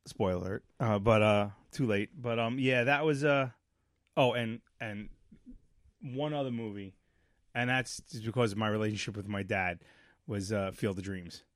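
A man's voice: on the low side, moderate pace, no echo, studio quality. A middle-aged man co-hosting a casual podcast chat, telling stories with lots of restarts and acting out the lines he quotes. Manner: animated storyteller, acts out movie lines, rambling restarts. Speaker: podcast co-host.

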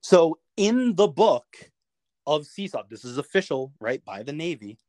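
Dude telling a navy war story, swears a lot, acts out the quotes, dry sound. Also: male voice, on the high side, unhurried, no room sound. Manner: animated storyteller, swears freely, acts out quoted lines with chuckles. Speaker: podcast guest, navy veteran. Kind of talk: casual anecdote told in an interview.

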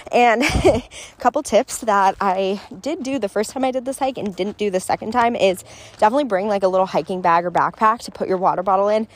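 Out of breath on a hiking trail, a young travel vlogger chats loosely to her audience, sprinkling in "like" and little laughs. Her voice is at an ordinary middle pitch and a little fast, recorded on a handheld phone that sometimes goes outdoors.

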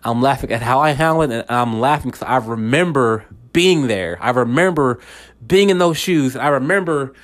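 A man's voice: mid-range voice, moderate pace. A man hosting a podcast, talking through a casual faith monologue, repeating words and often checking in with listeners. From United States. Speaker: podcast host.

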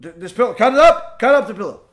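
A man's voice: extremely high pitch, very animated, fast talker. A man voicing a wise old sage who patiently instructs a student step by step. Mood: instructing. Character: calm, wise old male sage teaching a lesson.

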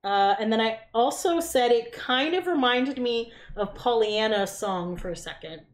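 A woman's voice: on the high side, lively intonation, unhurried. A woman co-hosting a podcast, chatting casually and laughing often as she tells stories. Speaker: podcast co-host. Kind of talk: casual chat, storytelling. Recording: roomy with loud background noise.

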